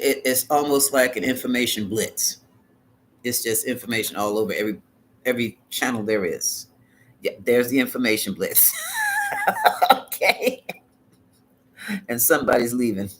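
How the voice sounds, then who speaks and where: A man gives a live tarot reading with a lively, swooping delivery and a sassy, colloquial edge. He sits at a middling pitch and now and then sinks into a hushed, whispered aside for effect. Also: slight background noise. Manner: animated, dramatic, drops into whispered asides. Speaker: tarot reader.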